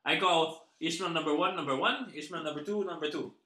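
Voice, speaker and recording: A man's voice: fairly high pitch, a little fast, noisy background, pitched above the performer's own voice, natural voice. Man putting on a crude Indian-accented call-center guy. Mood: prickly. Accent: Indian, put on. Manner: indignant, swears, broken grammar. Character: crude boastful male call-center worker, father of six. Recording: roomy echo.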